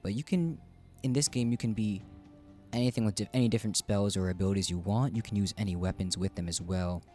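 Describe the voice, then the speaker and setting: With a warm, lowish voice and a fast pace, a man chats through his game stream, rambling and making self-deprecating jokes. Faint music sits in the background.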